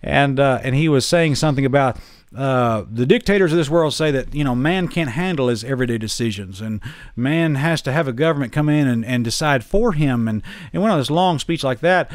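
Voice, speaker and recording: A man with a Southern accent speaks as a preacher hosting his own show, in a mid-pitched, earnest voice. He talks casually, sinking low and soft when he drives a point home. The sound is close and dry. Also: fairly quick, no echo. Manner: earnest, drops low and quiet to stress points.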